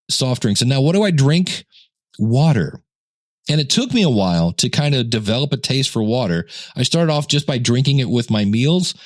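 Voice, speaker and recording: Middle-aged male podcast host, jokey and animated, mid pitch, close dry sound. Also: no echo. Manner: joking, animated, acts out little scenes. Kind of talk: casual talk.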